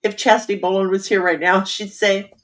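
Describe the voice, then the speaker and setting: A woman's voice: mid-range voice, flat delivery, brisk, fairly bright tone. A middle-aged woman author chatting candidly and casually with her audience about writing, with frequent ums. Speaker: author hosting a writing livestream. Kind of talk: casual chat.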